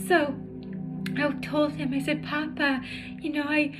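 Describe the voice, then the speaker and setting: A high-voiced woman talks slowly and wearily, pausing often and restarting her sentences as she opens up in a personal vlog. Her tone is emotional and searching. Soft music plays clearly beneath her voice. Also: flat delivery, poor audio. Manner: halting, many fillers and restarts, emotional. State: tired. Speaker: spiritual vlogger. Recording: music playing in the background.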